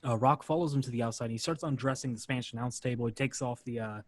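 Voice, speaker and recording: Relaxed man recapping in a dry room. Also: mid-range voice, fast talker, no echo. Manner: relaxed, filler-heavy narration. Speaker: podcast host. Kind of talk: casual play-by-play recap.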